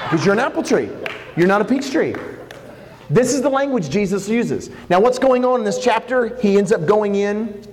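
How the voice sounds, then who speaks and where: A man preaching a sermon, animated and jokey, acting out quotes as he goes. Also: sits high, unhurried, pauses often, big-room sound, slight background noise. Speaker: pastor.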